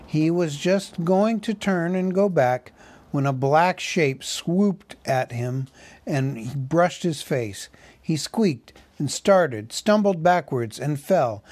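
A man reading a novel aloud as a podcast host, in measured storytelling. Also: fairly high pitch, expressive, darkish tone, dry recording. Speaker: audiobook reader.

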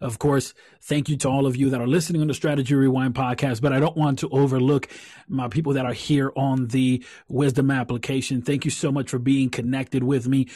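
A man's voice: mid-range voice, flat delivery, a little fast, dark tone, slightly rough, no echo. A man hosting a solo podcast, talking earnestly and reflectively, often repeating phrases as he thinks aloud. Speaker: podcast host.

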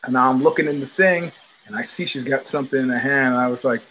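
A man hosting a podcast, telling a story in a loose, animated way and acting out the voices of the people in it. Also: medium pitch, quick pace, slight background noise, poor audio. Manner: animated, profane, acts out quoted voices. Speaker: podcast host. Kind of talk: casual storytelling monologue. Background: child heard in the background.

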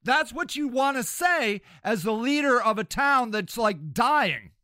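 Blunt, bright-voiced commentary host. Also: male voice, very high voice, lively intonation, a little slow, dry recording, studio quality. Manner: blunt, sarcastic, questioning. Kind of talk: reaction commentary.

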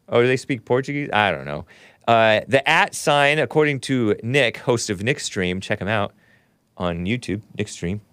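A man's voice: lowish voice, expressive, normal speed, a bit bright, clear, resonant tone, dry recording. A man hosting a live stream, giving sarcastic, opinionated commentary and reading viewer chat aloud. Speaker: host.

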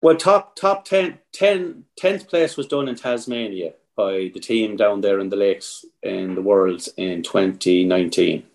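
An Irish man with a low, gravelly voice, telling stories in a casual interview. He is animated and loose, swearing freely and restarting his sentences as he gets going. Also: unhurried, few pauses. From Ireland. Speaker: team captain, guest.

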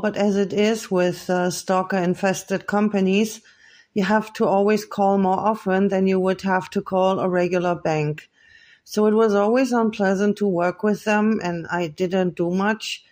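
A podcast host delivering a solo monologue in an earnest, accusing tone, often pausing on hesitant fillers. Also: mid-range voice, darkish tone.

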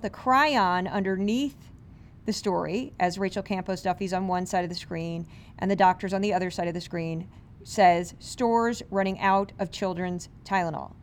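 A woman hosting a media commentary podcast, brisk, sarcastic and incredulous. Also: mid-range voice, slight background noise. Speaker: podcast host.

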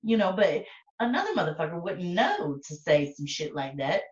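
A woman co-hosting a podcast in casual chat, profane and animated, often breaking into laughter. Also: on the low side, normal speed. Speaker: podcast co-host. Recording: roomy, distant, dull sound.

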